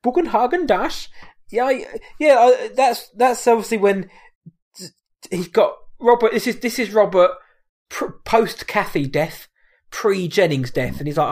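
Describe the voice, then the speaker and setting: A man's voice: sits high, moderate pace, darkish tone. A man co-hosting a film podcast, casual chat that rambles and corrects itself, often laughing.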